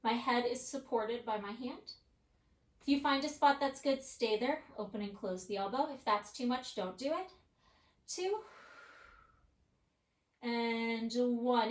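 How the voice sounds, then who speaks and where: A woman Pilates instructor guiding a follow-along workout with calm, encouraging cues, often checking in with "right?". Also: a little high, measured pace. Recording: echoey room.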